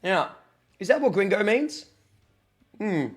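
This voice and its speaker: A man's voice: high voice, big pitch swings, slow pace, faint music behind. A young Australian man, a streamer, chatting casually with his viewers, joking and reading the chat aloud, a bit sniffly from hay fever.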